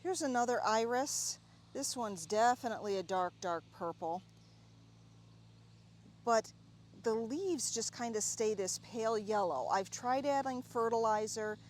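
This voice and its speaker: A woman giving a casual, chatty tour of her home garden, talking warmly and excitedly about her plants as she walks. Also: fairly high pitch, a little slow, slight background noise. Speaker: gardening vlogger.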